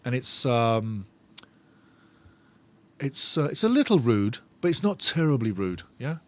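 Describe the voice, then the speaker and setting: A man's voice: medium pitch, big pitch swings, measured pace. A male fan host reading viewers' chat aloud during a live football watch-along, enthusiastic and given to repeating his phrases.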